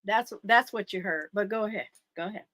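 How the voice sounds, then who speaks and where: A woman guest talking casually and bluntly, animated and profane. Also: mid-range voice, fairly quick, no room sound. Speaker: guest commentator. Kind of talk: casual chat.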